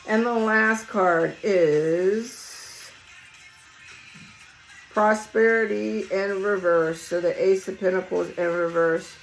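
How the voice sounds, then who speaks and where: A hoarse woman, losing her voice, giving a casual collective tarot reading in a blunt, emphatic way and swearing freely. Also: mid-range voice, fairly even intonation, slow pace, pauses often, soft background music, rough recording. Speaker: tarot reader. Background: song playing quietly.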